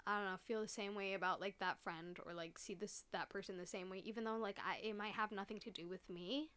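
A woman's voice: mid-range voice, fairly even intonation, fast, a bit bright, smooth. Young woman host, solo podcast, rambling and filler-heavy, a little choked up. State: choked up, near tears. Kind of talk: casual solo podcast monologue.

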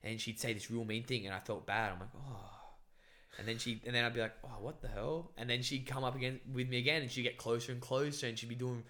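A man's voice: mid-range voice, flat delivery, fast, few pauses, pushed and bright. Rambling, profane young man. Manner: rambling, profane, lots of fillers. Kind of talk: casual chat, recounting a dream.

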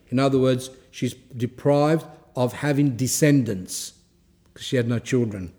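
Mellow-voiced man reading and explaining scripture. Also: mid-range voice. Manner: reads passages slowly, then explains in quick asides. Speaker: Orthodox speaker giving a talk. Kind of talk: reading aloud and explaining a saint's life in a talk.

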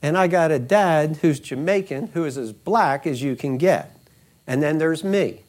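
Slightly high-voiced male storyteller. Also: lively intonation, measured pace, darkish tone. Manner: retells another man's account, quoting him at length. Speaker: podcast host. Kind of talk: podcast storytelling.

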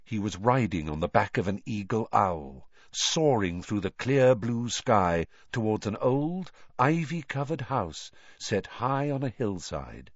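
Low expressive man narrating a storybook. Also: unhurried, hardly any pauses, no room sound. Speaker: audiobook narrator. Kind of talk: scripted narration. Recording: dull dry lo-fi recording.

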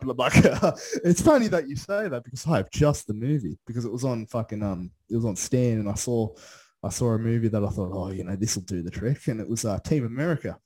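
An Australian man co-hosting a podcast who tells a story with lots of energy, laughing and swearing along the way. His voice sits at an average pitch for a man. He talks in a loose, casual way. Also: fast, husky. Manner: animated storytelling, heavy swearing, frequent laughter. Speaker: podcast co-host. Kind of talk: casual chat.

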